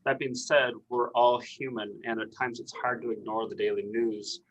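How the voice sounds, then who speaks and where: A man hosting as a financial advisor on a video call, reading prepared questions in a measured way with small fillers. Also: medium pitch, little pitch movement, low-quality recording.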